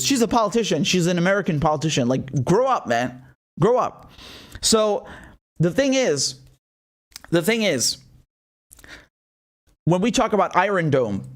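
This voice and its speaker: A man delivering a heated, sarcastic political opinion monologue as host of his own show. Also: high-pitched. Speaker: political commentator.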